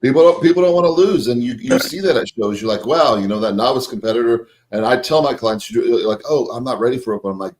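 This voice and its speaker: A man's voice: mid-range voice, quick pace, few pauses, a little mellow. A man, a co-host and coach, chatting casually with many fillers and hesitations. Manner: hesitant, filler-heavy, agreeable. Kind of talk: casual chat.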